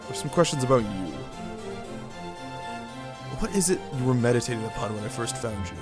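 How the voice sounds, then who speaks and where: A man live-streaming a game playthrough, reading out its text and reacting loudly with swearing. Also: medium pitch, fairly quick, long pauses. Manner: excitable, swears at surprises. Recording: music playing under the voice.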